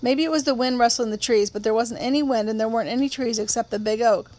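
Woman, audiobook reader, novel read aloud, steady, measured, fairly high pitch. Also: dry recording.

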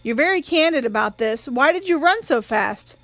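A woman's voice: high-pitched, lively intonation, moderate pace, fairly bright tone, no room sound. A woman voicing a middle-aged male prosecutor who questions with hostile contempt in an audiobook. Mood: scornful.

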